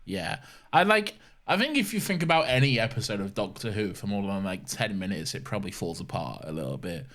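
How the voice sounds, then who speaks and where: A man's voice: lowish voice, sing-song, a little fast, few pauses, fairly bright tone. A man co-hosting a podcast, bantering casually with jokes and swearing. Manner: swearing, laughing, jokey banter. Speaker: podcast co-host. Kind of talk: casual chat.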